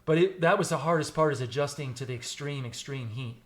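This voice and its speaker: A man, a podcast guest, telling stories in an animated, casual way. He often repeats and restarts words. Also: medium pitch, a little fast. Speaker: podcast guest, former firefighter recruit. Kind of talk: casual interview storytelling.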